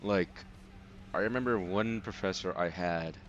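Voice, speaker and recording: A young man casually commenting on a racing game as he plays, rambling and relaxed with lots of filler words. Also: deep voice, a little slow, highs cut off. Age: young adult. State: sleepy, yawning. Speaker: let's play host.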